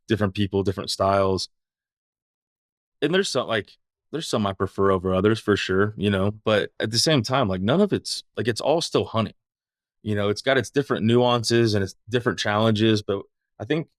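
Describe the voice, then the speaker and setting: A man's voice: fairly low pitch, no room sound, studio quality. A man from East Tennessee, hosting a podcast in casual, rambling chat and swearing now and then. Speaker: podcast host.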